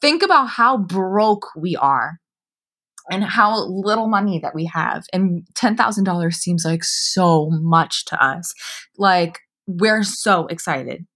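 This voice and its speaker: A woman's voice: lowish voice, expressive, slow pace, a bit bright. A woman in her twenties, a podcast co-host, telling a story in casual chat over drinks, full of "like" and swearing. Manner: chatty storytelling, frequent "like" and swearing.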